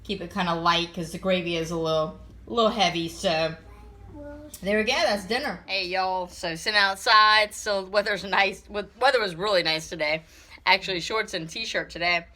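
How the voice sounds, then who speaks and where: In a casual cooking vlog filmed at home and partly outside, a woman talks through the family dinners she made. She's chatty and relaxed, leaning on fillers, with a lowish, sharp voice at normal speed.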